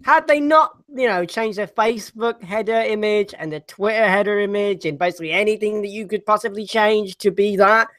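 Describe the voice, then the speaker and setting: A man's voice: high-pitched, fairly quick, hardly any pauses, a bit bright. A man co-hosting a wrestling podcast, chiming in with short remarks that back up the others. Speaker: podcast co-host. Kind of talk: casual wrestling podcast chat.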